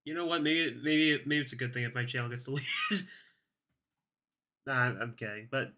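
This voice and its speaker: A man's voice: mid-range voice, steady tone, moderate pace, long pauses, bright, forceful tone. A man streaming live from his computer, talking casually as he looks things up, swearing and laughing at himself as he rambles.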